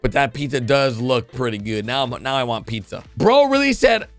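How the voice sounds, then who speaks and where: A man giving casual, excitable commentary as he reacts to funny videos, breaking into exclamations and jumping from one thought to the next. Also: mid-range voice, moderate pace, dry recording, faint music behind.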